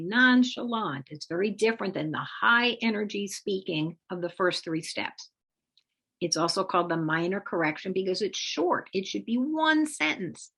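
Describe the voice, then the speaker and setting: Husky middle-aged woman, mid-pitched, measured webinar instructor who adds lively emphasis. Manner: measured, explanatory delivery with occasional lively emphasis. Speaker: parenting coach presenting a webinar. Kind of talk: instructional talk with demonstration phrases.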